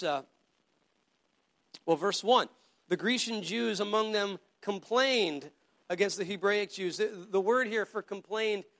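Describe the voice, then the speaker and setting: A man's voice: high-pitched, fairly bright tone. A pastor preaching a sermon to his church in an earnest, conversational way, often repeating words as he goes.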